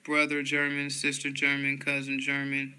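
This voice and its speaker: Man, monotone list reading, very slow, bright crisp voice. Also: medium pitch, poor audio. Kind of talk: reading dictionary entries aloud.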